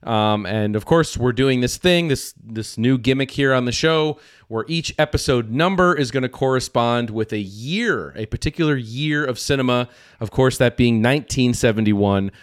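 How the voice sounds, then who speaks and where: A man's voice: mid-range voice, moderate pace, clear, resonant tone, dry recording, studio quality. A man hosting a film podcast in casual chat, loose and profane, who laughs often and restarts his sentences. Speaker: podcast host.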